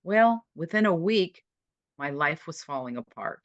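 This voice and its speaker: A woman's voice: sits low, lively intonation, measured pace, no echo, highs cut off. A woman in her sixties, a podcast guest, retelling her own caregiving story in vivid, dramatic short sentences. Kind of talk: personal storytelling.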